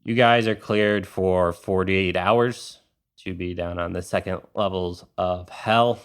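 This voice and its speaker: A jaded demon scribe , as a game master puts him on, with a deep, smooth voice. He talks in brisk, tired bureaucratic orders during a tabletop game. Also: steady tone. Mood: weary. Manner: bored, clipped officialdom.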